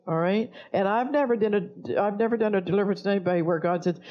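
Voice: medium pitch, quick pace, dull audio. A pastor preaching a sermon, blunt and scolding toward the congregation.

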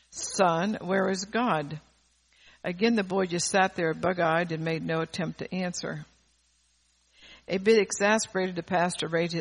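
A woman's voice: on the low side, slightly rough. A woman preacher delivering a fervent sermon, repeating words and phrases for emphasis.

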